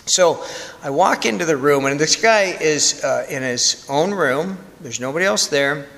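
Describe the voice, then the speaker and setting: A priest telling a story in a candid, conversational sermon with self-deprecating humor. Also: male voice, a little high, expressive, unhurried, vocal fry, a bit bright. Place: church. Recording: long church reverb.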